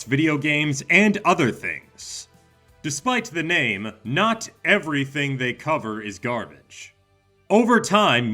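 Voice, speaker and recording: A man narrating a scripted explainer video in a wry, deadpan way. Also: mid-range voice.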